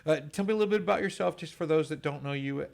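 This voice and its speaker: A man's voice: a little high, very fast, gravelly. A man hosting a radio show in casual chat, rambling with many restarts and fillers, in a radio studio.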